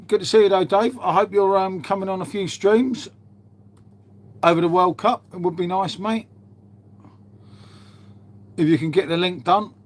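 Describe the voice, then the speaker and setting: A man, chatting casually on a live stream, swearing freely and bantering as he answers viewers' chat. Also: sits high. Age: 50s.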